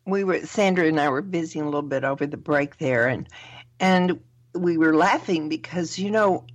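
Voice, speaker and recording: A woman divorce recovery coach co-hosting a radio talk, encouraging and quick to agree. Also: fairly low pitch. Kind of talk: casual radio conversation.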